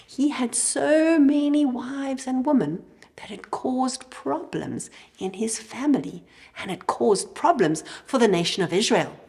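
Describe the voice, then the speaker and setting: Expressive woman telling a kids' Bible story. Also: a little high. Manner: expressive, drops to a whisper for emphasis. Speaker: children's church teacher. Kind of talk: Bible storytelling lesson for children.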